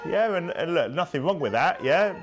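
A man's voice: fairly high pitch, animated, moderate pace, background noise. Preacher man asking tag questions. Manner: rhetorical tag questions, rising to emphatic peaks. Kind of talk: sermon.

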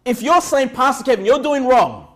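A man preaching a sermon as pastor, moving from calm teaching to loud shouted emphasis and often checking in with "all right?". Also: very high voice, moderate pace. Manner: repeats "all right?" and "okay?" to the congregation.

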